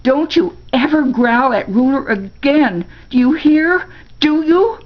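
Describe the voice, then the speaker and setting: A woman's voice: mid-range voice, expressive, slow pace, vocal fry, husky, dull audio, exaggerated voice. An older woman reading a storybook aloud and voicing an earnest young boy who is eager to please. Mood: scolding. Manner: pleading, then scolding his dog sharply.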